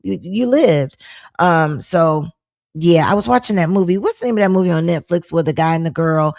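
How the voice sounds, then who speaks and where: A woman's voice: lowish voice, normal speed, gravelly, darkish tone, no echo, studio quality. A middle-aged woman hosting a live podcast, talking casually and animatedly to viewers with fillers and laughter. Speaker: podcast host. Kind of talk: casual live-show chat.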